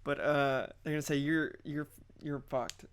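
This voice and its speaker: Young male podcast host, loose rambling storyteller, a touch high-pitched. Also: fairly even intonation, unhurried, smooth. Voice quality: rambling storyteller, lots of restarts. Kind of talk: casual chat.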